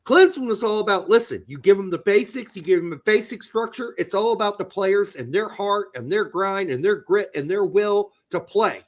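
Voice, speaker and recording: A man's voice: sits high, expressive, moderate pace, few pauses. A man co-hosting a soccer podcast, ranting in a casual, profane and heated way. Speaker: podcast co-host. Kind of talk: casual sports-podcast rant.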